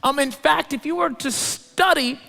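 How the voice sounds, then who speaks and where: A man preaching a sermon, animated, swinging between loud emphatic lines and quiet low asides. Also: moderate pace, gravelly. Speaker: pastor. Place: large church auditorium. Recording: long hall reverb.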